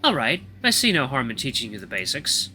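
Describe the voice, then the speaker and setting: A man voicing a young male wolf grandmaster who lectures in a calm, monotone way. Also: medium pitch, fairly quick, faint music behind, exaggerated voice. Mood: lecturing.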